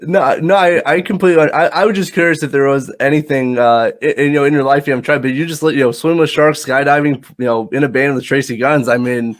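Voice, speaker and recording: A man's voice: mid-range voice, steady tone, fast, hardly any pauses. A man hosting a podcast interview, asking questions in an eager, casual way with frequent restarts. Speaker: podcast host.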